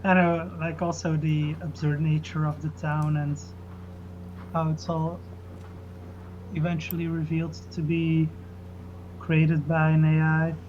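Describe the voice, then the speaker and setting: Hesitant female panelist, dull low-fidelity line. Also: level tone, unhurried, pauses often, a little mellow, a little hiss or hum. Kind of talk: casual panel chat. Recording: dull lo-fi call audio.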